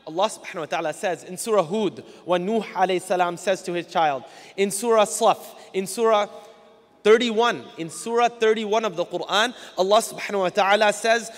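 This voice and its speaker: High-voiced man preaching in an echoing hall. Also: a little fast. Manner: earnest, conversational and direct. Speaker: guest speaker at a Muslim community talk. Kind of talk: religious talk to a live audience. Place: large hall with a stage. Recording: long hall reverb.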